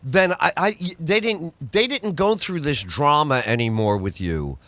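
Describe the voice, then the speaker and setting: Animatedly telling stories in conversation, this middle-aged New York comedian and radio host voices other people's lines with lively impressions. He speaks at a measured pace in a higher-leaning voice, captured dry.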